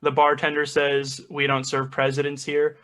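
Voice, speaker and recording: A teenage boy delivering quick improv one-liners, slipping into silly voices. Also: on the high side, monotone, a bit bright. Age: teens. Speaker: high school improv performer.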